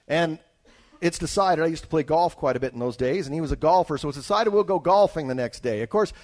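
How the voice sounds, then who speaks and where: A man's voice: a little high, lively intonation, quick pace, a little mellow. Man from Alaska telling a testimony story. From Alaska, United States. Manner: conversational, frequent restarts and asides to listeners. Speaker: traveling evangelist.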